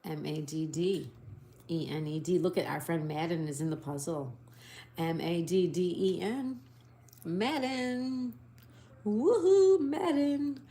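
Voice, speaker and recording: A woman's voice: low voice, moderate pace, mellow. A woman hosting a casual live stream, spelling out answers letter by letter and reading viewer comments aloud.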